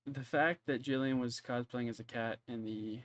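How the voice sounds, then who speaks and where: A man's voice: medium pitch, steady tone, moderate pace, fairly bright tone, highs cut off. A man narrating as game master in a tabletop game, casual and rambling, often stumbling over his words.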